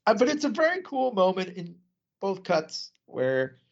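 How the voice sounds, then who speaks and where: A man's voice: sits high, huge pitch swings, measured pace. A man co-hosting a casual podcast, rambling through a movie plot with fillers and asides. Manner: rambling recap with fillers and laughs. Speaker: podcast co-host. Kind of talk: casual film chat, recapping plot. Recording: dull lo-fi podcast audio.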